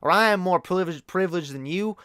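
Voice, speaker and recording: A man putting on a Southern accent to play a defensive poor white man who complains loudly and swears. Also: high voice, fast talker, clean tone, no room sound, studio quality, voice pushed up. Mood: indignant. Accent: American Southern. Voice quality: loud, indignant, profane.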